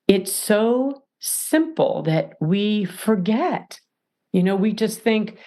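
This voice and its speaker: Animated, lively middle-aged woman mediator. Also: medium pitch, slow. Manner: lively, emphatic, acts out little scenes. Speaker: mediator and podcast guest. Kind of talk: animated advice talk.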